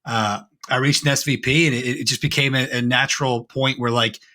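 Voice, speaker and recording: A man in his thirties, a guest in a podcast interview, speaks with a faded Philadelphia accent mixed with a little Boston. His voice sits at a middle pitch and has a bright, forceful edge. He is upbeat and affirming, and he often repeats his phrases. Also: steady tone, brisk. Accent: faded Philadelphia with some Boston. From Philadelphia, USA. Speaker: guest, advisory firm founder. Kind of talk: conversational interview.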